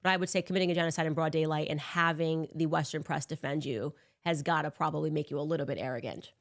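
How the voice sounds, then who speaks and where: A woman delivering opinionated political commentary in a sarcastic, animated way. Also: low voice, fast. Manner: sarcastic, animated, mocks with put-on voices.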